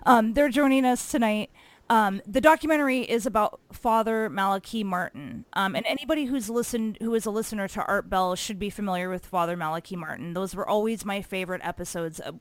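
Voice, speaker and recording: A woman's voice: mid-range voice, a little fast, no room sound. A woman hosting a podcast, chatting casually with many fillers. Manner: chatty, filler-heavy, laughs easily. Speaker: podcast host. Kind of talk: casual chat.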